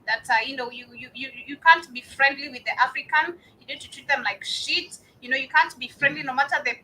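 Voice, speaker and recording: A woman co-hosting a livestream, speaking in a halting way with many repeated words. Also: high voice, sharp tone, low-quality recording. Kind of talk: casual chat.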